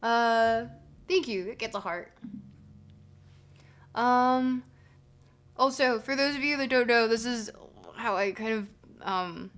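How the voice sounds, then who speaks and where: A woman's voice: on the high side, takes it slowly, long pauses, a bit bright. Chatty jokey woman streamer. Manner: chatty, jokey, reads chat comments aloud. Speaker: live streamer reading with chat. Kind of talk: casual live-stream chat.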